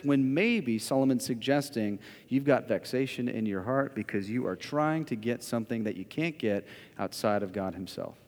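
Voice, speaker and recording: A male pastor preaching a sermon in a church, emphatic, swinging between loud declarations and hushed asides. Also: mid-range voice, expressive, moderate pace. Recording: long reverb of a large hall.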